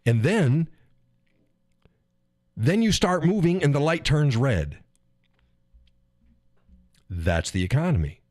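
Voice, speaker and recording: Pausing often at a measured pace, a man with a higher voice rants casually about politics on his live stream, profane and animated as he quotes angry drivers. Clean studio sound, no echo.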